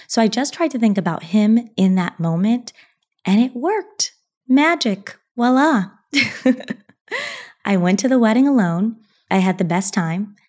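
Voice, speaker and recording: A woman in her thirties hosting a podcast, telling a personal story in an earnest, reflective way, breaking into bright laughs. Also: on the low side. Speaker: podcast host.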